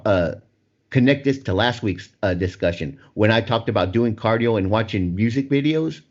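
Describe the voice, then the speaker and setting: A man's voice: fairly low pitch, lively intonation, moderate pace. A man co-hosting a casual podcast, talking in a motivational way about breaking big goals into small steps. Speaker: podcast co-host. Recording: dull lo-fi sound.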